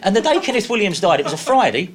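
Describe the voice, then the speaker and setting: A man in his sixties, a guest telling casual anecdotes in an animated way and laughing through his stories. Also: high-pitched, rapid-fire, slight background noise.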